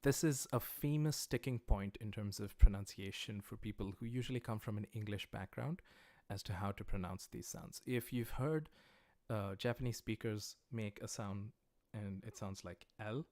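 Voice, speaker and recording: A man with a fairly low voice and an American accent teaches a livestreamed language class. He explains each step patiently as he writes, often pausing on "uh" and "um". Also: a little mellow. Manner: patient, plain explanations with frequent "uh" and "um". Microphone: livestream microphone.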